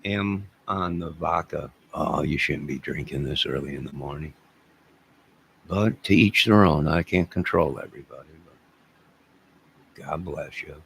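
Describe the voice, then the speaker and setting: A man's voice: rumbling low, a little slow, creaky, pauses often, fairly bright tone, a little hiss or hum. An older man hosting a casual livestream, rambling and joking as he reads viewers' chat aloud. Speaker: livestream host reading chat.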